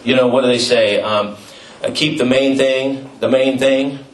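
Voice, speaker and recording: A man's voice: medium pitch, steady tone, unhurried, a little hiss or hum. Middle-aged male pastor, chatty sermon storyteller, echoey hall, mic at a distance. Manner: conversational, storytelling with asides and fillers. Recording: roomy, distant mic with faint ambience.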